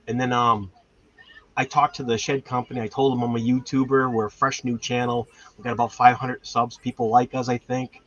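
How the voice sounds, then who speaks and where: A man hosting a homestead channel chats casually, rambling through stories packed with fillers. His mid-range, slightly bright voice is brisk and level, and the recording has a dull lo-fi sound.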